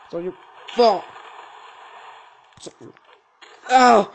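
A gaming channel host giving casual, joking let's-play commentary, with sudden loud yelps and self-mocking asides. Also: medium pitch, takes it slowly, gravelly, pauses often, slight background noise, poor audio.

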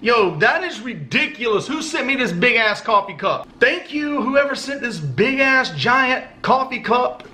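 Bright, high-voiced man opening fan mail. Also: slight background noise. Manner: loose, profane, joking, reads notes aloud haltingly. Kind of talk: casual unboxing chat.

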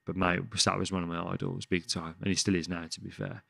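Fast-talking deep man. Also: flat delivery, gravelly, fairly bright tone, breathy edge, no echo, clean studio sound. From West Midlands, England. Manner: rambling, frequent swearing and restarts. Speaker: chef, podcast guest. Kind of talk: casual anecdotal storytelling. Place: podcast studio.

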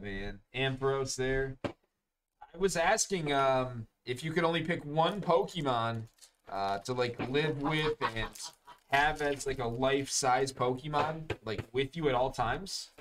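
A man's voice: mid-range voice, a little slow, fairly bright tone, a little hiss or hum. A young man hosting a live card break, chatting casually and calling out each card as he opens packs. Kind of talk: live-streamed pack opening chat.

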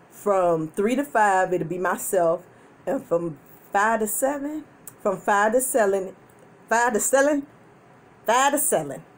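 Woman mukbang host, mid-range voice, chatty and animated, laughs a lot, talks straight to viewers. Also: medium pitch. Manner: animated storyteller, laughs often, breaks into loud whoops; chatty, addresses viewers directly. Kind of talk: casual chat while eating.

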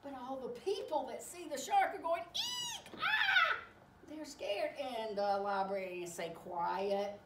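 A woman reading a picture book aloud to children, animated and expressive as she tells the story. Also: high-pitched, moderate pace, few pauses. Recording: echoey room, distant mic, faint hiss.

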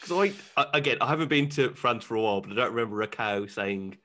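Casting: relaxed man, podcast host, curious and unhurried. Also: mid-range voice. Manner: easygoing, asks questions, hesitant restarts. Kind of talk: casual podcast chat.

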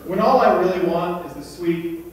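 Young stand-up comic in an echoey club. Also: male voice, high-pitched, normal speed, far from the mic, noisy background. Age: young adult. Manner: deadpan, then shouting in mock rants. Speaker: stand-up comedian. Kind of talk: stand-up comedy set. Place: comedy club stage. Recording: very echoey club room from afar.

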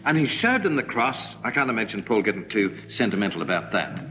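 A man preaching a sermon, animated, with ironic asides and emphatic rises. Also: fairly low pitch, brisk, lo-fi sound, soft background music. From Australia.

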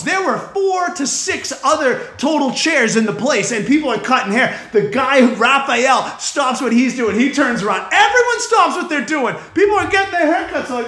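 A man telling a profane story as a stand-up comedian, animated and building to yelling. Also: very high voice, moderate pace. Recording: echoey room.

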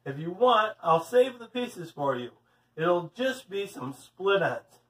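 A man voicing a sharp-tongued schoolgirl who answers in a snappy, indignant way while reading a story. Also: high-pitched, big pitch swings, slow, heavily acted. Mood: matter-of-fact. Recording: echoey room, mic at a distance.

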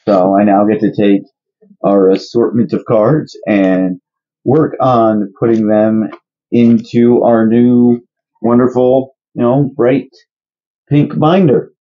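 A man's voice: on the low side, muffled recording. A man hosting a casual card-opening video, joking and guessing playfully. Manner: playful, jokey, excitable guessing. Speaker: channel host opening card packs. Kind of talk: casual chat.

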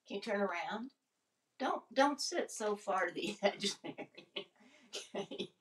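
Woman pet owner, unhurried, sing-song coaxing talk, roomy distant home sound. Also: a little high, lively intonation. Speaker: parrot owner hosting a livestream. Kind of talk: casual talk to a pet bird. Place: indoors at home.

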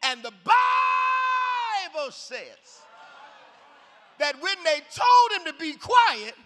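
A man preaching a shouted revival sermon in a large church, hollering in a rhythmic call-and-response style. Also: very high-pitched, sing-song, drawn-out words, background noise. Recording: echoey hall reverb.

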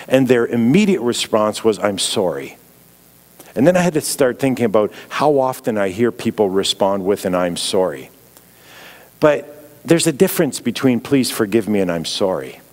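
A middle-aged man with a Canadian accent, preaching as a guest speaker in an earnest, reflective way, dropping softly when he quotes. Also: on the low side. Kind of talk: sermon.

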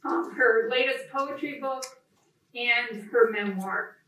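A woman's voice: on the high side, slow pace, pushed and bright. A woman event organizer making playful, chatty announcements before a poetry reading. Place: lecture room at a reading. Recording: echoey hall, distant mic.

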